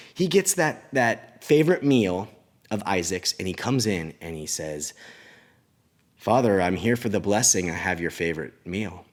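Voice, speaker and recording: A man who teaches children at church, retelling a Bible story in a casual, animated way with chatty asides. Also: lowish voice.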